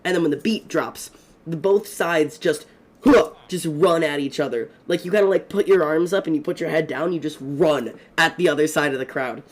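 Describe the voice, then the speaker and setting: A young man streaming a game, telling stories in a fast, rambling, excitable way, swearing often. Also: fairly high pitch. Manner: excitable and profane, fast rambling storytelling with many fillers. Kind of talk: casual gaming stream chat.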